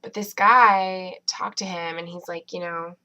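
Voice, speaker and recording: A woman's voice: medium pitch, fairly even intonation, unhurried, bright, forceful tone, low-quality recording. A woman reviewing a TV episode in a casual, rambling way, full of fillers and restarts. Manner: chatty, many fillers and restarts.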